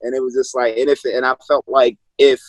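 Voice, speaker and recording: In a casual interview, a Maryland high school wrestling coach in his thirties tells loose, meandering stories, often starting over. His mid-range voice holds a level tone and moves a little fast, recorded roughly but without echo.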